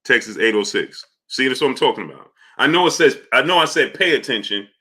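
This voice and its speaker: A man's voice: medium pitch, expressive, brisk, pushed and bright. A man hosting a live boxing stream, arguing his points and greeting chat viewers by name. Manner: argumentative, repeats points. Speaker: boxing show host.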